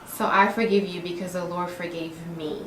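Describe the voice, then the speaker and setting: A woman's voice: on the low side, moderate pace, reverberant, slight background noise, poor audio. A middle-aged woman of Puerto Rican and Dominican background, a talkative author guest speaking about faith and forgiveness in an interview. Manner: animated, talkative, preachy. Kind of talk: faith-based interview conversation.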